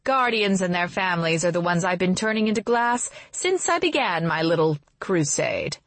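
A woman reading a novel aloud, voicing a cold, smug female villain who monologues calmly in a lower voice. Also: moderate pace, no echo. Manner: calm, self-satisfied monologuing.

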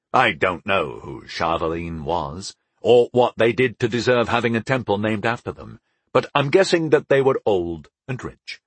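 A man's voice: medium pitch, slightly rough, no room sound. A man narrating a first-person fantasy audiobook in a wry, conversational manner.

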